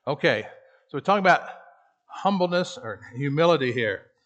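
A man's voice: on the high side, lively intonation, moderate pace, fairly bright tone. A man leading a Bible study class, teaching in a conversational way and asking the group questions. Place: room with a class.

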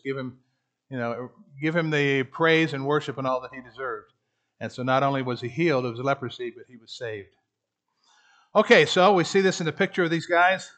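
A man's voice: mid-range voice, fairly bright tone. Man teaching a casual Bible class. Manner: conversational, asks the class questions. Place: room with a class.

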